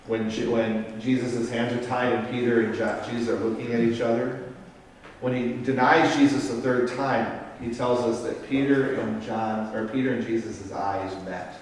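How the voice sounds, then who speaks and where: A man's voice: mid-range voice, distant mic, a little hiss or hum. A man, a parish priest, teaching a Bible study in a casual, step-by-step way, often checking in with the group. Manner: explains step by step, checks in with "Okay?". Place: parish meeting room. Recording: echoey room, voice picked up from afar.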